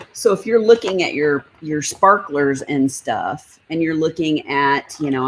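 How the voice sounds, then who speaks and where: Reading comments on her casual livestream, a woman chats and says hello to viewers by name. She has a low-pitched voice, and the low-quality recording carries slight background noise.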